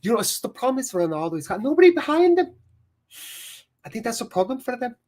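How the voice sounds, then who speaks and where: A man doing an impression of a male football pundit with a Liverpool accent, talking fast and excitably. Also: extremely high pitch, pitched above the performer's own voice. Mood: opinionated. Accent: attempted Liverpool (Scouse).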